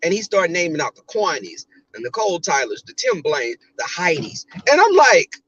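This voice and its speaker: A man's voice: a little high, very animated, normal speed, a bit bright, husky, no room sound, lo-fi sound. A man giving blunt, profane casual commentary on a livestream, often mimicking other people.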